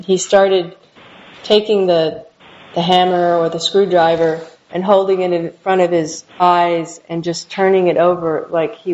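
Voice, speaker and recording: Middle-aged woman, low mellow voice, halting reflective interviewee, dull lo-fi recording with faint hiss. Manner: halting, reflective, many restarts. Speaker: interviewee, mother. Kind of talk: personal recollection interview.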